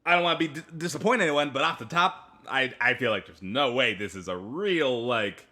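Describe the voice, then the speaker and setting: A man around thirty co-hosting a casual comedy podcast. His voice is very bright and lively, rising and falling a lot, and he talks with a dry, self-deprecating wit. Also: mid-range voice, brisk. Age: 30s. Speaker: podcast co-host.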